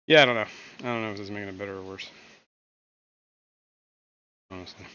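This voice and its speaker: A man's voice: on the low side, fast talker, bright, forceful tone, clear, resonant tone, dull audio. A man hosting a casual livestream from his fish room, rambling with muttered asides and lots of fillers. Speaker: livestream host.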